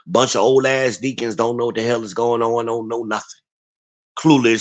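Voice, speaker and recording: A man hosting a casual stream, ranting bluntly with lots of cursing and rambling asides. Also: medium pitch. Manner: blunt, profane, rambling rant. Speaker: channel host.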